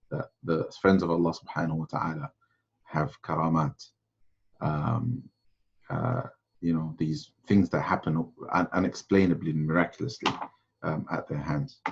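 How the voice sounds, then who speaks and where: Low, husky male religious teacher. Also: lo-fi sound. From Sylhet, Bangladesh. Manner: conversational, storytelling, frequent restarts. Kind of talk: informal lecture with anecdotes.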